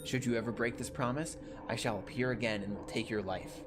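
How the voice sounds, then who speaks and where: A man voicing an inhuman monster in a horror game, speaking slowly and solemnly with threats. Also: mid-range voice, noisy background, lightly acted. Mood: menacing. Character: slow, menacing toilet monster from the depths.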